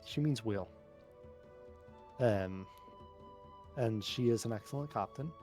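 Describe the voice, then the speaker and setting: A man's voice: on the low side, takes it slowly, warm tone, soft background music. A man voicing an awkward, shy male dwarf sailor who talks hesitantly and stammers. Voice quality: hesitant, stammering, clears throat.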